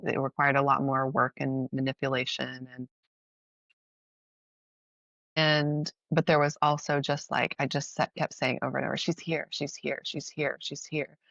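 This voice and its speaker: Woman, low voice, soft and reflective, halting delivery, dry muffled sound. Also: flat delivery, no room sound. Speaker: guest, mother and midwife. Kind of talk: personal storytelling in an interview.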